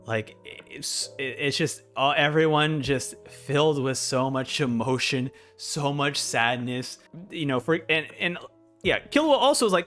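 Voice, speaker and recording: A young man in casual review commentary, talking with a slightly high-pitched voice. He is excitable and swings between hyped outbursts and somber stretches. Faint music plays underneath. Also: measured pace. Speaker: anime reviewer.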